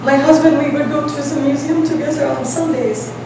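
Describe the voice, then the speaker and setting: A woman's voice: sits high, fairly even intonation. A woman playing a wistful lonely widow. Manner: soft, halting, wistful. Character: lonely widow wistful about her late husband. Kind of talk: live one-woman stage comedy. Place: theater stage. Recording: echoey theater, distant mic, some noise.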